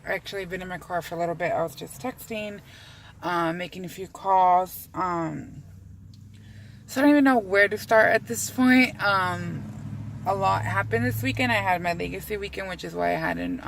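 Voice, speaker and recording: A woman's voice: lowish voice, lively intonation, normal speed, gravelly, fairly bright tone, a little hiss or hum. A woman vlogging from inside her car in a rambling, candid way, swearing freely as she talks. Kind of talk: casual chat to camera.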